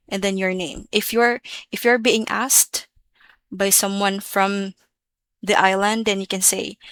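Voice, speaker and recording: A woman walks through a relaxed, chatty language lesson at a middling pitch. She repeats each example phrase a few times. The sound is dry and close, with no room around it. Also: unhurried, pauses often, no echo. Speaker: language teacher.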